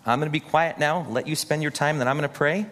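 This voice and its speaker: A man's voice: fairly high pitch, steady tone, quick pace, a bit bright. A man pastor preaching an earnest, encouraging sermon straight to his congregation. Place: church sanctuary. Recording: husky voice in a long-reverb hall.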